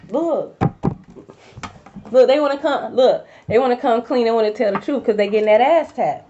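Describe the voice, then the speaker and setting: A woman's voice: sits high, a little fast, darkish tone, a little hiss or hum. A young woman giving a casual tarot reading to her viewers, blunt and profane, full of slang. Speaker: tarot reader. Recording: dull lo-fi recording.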